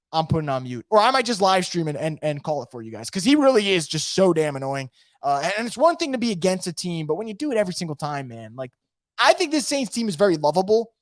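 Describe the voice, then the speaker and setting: Man, podcast host, casual rant, energetic, opinionated, quick delivery, dry room. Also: a little high, no echo. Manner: energetic, opinionated, rambling with restarts. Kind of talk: casual live podcast commentary. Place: home room.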